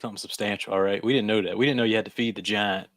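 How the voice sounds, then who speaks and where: Male co-host, low voice, easygoing rambling talk, dry close mic. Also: fairly even intonation, racing, a bit bright, no room sound. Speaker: podcast co-host, detailer. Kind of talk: casual chat.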